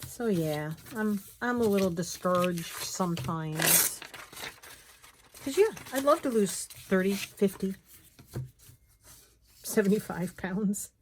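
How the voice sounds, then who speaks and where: A woman's voice: medium pitch, animated, slow pace, pauses often, background noise. A middle-aged woman chatting casually while she crafts, muttering to herself as she works.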